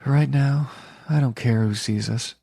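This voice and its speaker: A man's voice: medium pitch, unhurried, creaky, warm tone, slightly rough, no room sound, studio quality, pitched above the performer's own voice. A man reading an audiobook, voicing an assertive young woman in her twenties who talks in an eager, breathless way. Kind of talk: audiobook character voice.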